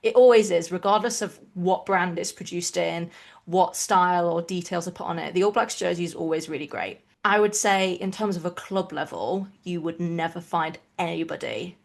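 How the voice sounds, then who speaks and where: English woman, animated rugby podcast co-host. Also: fairly low pitch, creaky. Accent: neutral English with a mixed regional touch. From England, East Midlands. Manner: opinionated, animated, quick asides. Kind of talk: casual chat.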